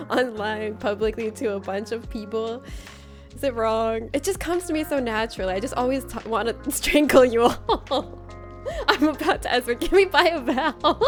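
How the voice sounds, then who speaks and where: A woman hosting a casual livestream from a room at home, reading out viewer comments in a playful, teasing way and laughing often. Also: on the high side. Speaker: livestream host.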